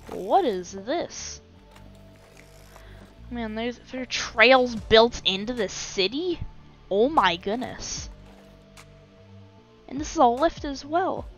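Woman, gameplay commentary, unhurried delivery, mid-pitched voice, self-mocking asides, faint music behind. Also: vocal fry, low-quality recording. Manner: self-mocking, frequent exclamations and sighs.

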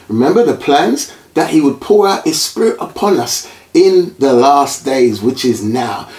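A man's voice: fairly high pitch, darkish tone, echoey room, distant mic. Fervent man leading a closing prayer. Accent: British. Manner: fervent, declarative prayer with rising exclamations. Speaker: church service host. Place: church auditorium.

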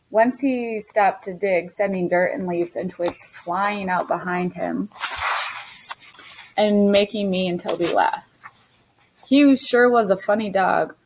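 A woman reading a children's novel aloud in an unhurried way, now and then stumbling and correcting herself. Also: on the low side, darkish tone, rough recording.

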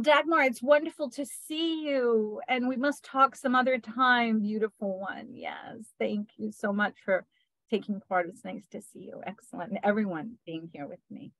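A woman hosting a spiritual group video call, talking gently and affectionately, often adding "right?" and soft laughs. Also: on the high side, no room sound, rough recording. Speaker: spiritual session host.

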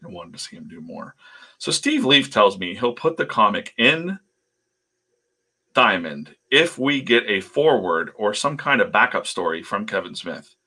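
A man's voice: lowish voice, sing-song, a little slow, bright, forceful tone, slightly rough. A man hosting a casual livestream, telling rambling anecdotes with laughs and swearing. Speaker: comic artist and channel host.

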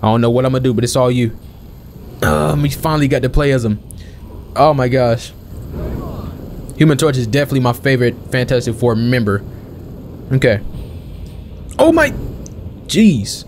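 A young man giving casual let's-play commentary as a gaming channel host, chatting and questioning the game out loud. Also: mid-range voice, steady tone, fairly quick, pauses often, slight background noise. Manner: chatty, questions the game aloud, calls everyone bro.

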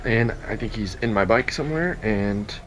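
A young man in a casual travel vlog, talking to a handheld camera as he goes, swearing often and ranting in a rambling, excitable way. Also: on the low side, normal speed. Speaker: travel vlogger. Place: outdoors and in cafes while traveling. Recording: noisy outdoor camera audio.

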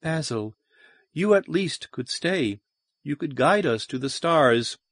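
Man reading as alien temptress, quiet and coaxing, dry sound. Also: a little high, lively intonation, takes it slowly, no room sound, exaggerated voice. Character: seductive alien woman, tall and commanding.

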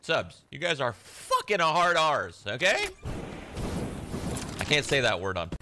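A man's voice: fairly high pitch, big pitch swings, unhurried, noisy background. A man streamer ranting sarcastically to his chat. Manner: sarcastic, complaining.

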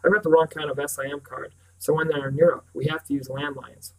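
A man's voice: a little high, level tone, quick pace, vocal fry, far from the mic, low-quality recording. A man voicing a scheming, practical teenage boy who explains things in a matter-of-fact way, in an audiobook. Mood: businesslike.

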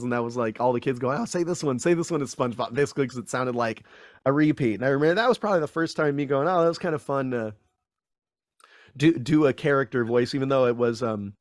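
A man, a guest actor, chatting casually in an interview and acting out quotes with lively voices. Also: medium pitch, no echo, clean studio sound. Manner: animated storyteller, acts out quotes in voices.

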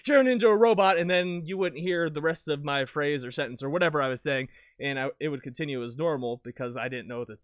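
A man with a fairly high voice talks through his gear in a loose, rambling way, correcting himself often. He breaks into sudden bursts of excitement now and then. He wears a lavalier mic in his room, and the sound is dry with no echo. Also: quick pace, few pauses. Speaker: video creator. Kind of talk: casual gear talk to camera.

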